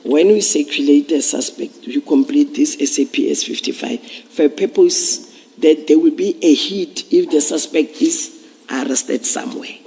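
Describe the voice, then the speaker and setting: Gravelly-voiced police witness. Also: male voice, fairly high pitch, mellow. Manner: measured, explanatory, hesitant restarts. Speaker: police officer testifying as witness. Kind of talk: formal testimony at a commission hearing. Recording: long reverb of a large hearing room.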